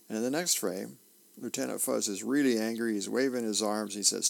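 A man reading newspaper comics aloud, halting with many fillers and restarts. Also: lowish voice, gravelly. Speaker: newspaper reader.

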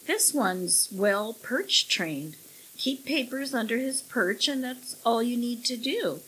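A woman's voice: a little high, animated, slow, a bit bright, husky, pitched above the performer's own voice, full character voice, rough recording. A woman voicing a fussy middle-aged woman who owns a pet shop, talking in sugary sales patter. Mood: coaxing.

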